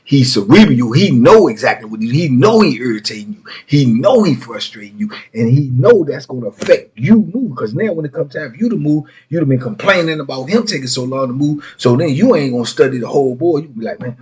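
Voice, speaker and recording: A man's voice: mid-range voice, expressive, a little fast, hardly any pauses, a little mellow, husky. A middle-aged man telling prison stories as the show's host, in laid-back street slang with rambling asides. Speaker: storyteller host. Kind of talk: casual prison storytelling. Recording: muffled lo-fi recording.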